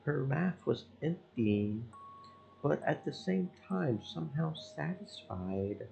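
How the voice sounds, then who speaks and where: A man streaming a game, reading its story text aloud in slow, measured narration. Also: fairly high pitch, very animated, gravelly, warm tone, slight background noise, poor audio.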